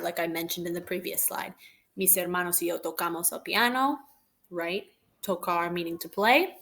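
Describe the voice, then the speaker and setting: A woman's voice: on the low side, lively intonation, normal speed, fairly bright tone. A woman teaching Spanish, narrating a recorded lesson over slides and patiently explaining example phrases in English and Spanish.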